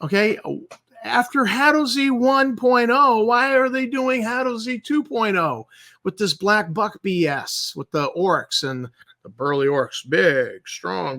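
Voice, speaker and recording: A man on his own channel, delivering an exasperated, sarcastic rant. His voice sits a little high and comes across bright and forceful. He keeps circling back to the same points and repeats them for emphasis. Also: takes it slowly. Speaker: channel host. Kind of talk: ranting commentary.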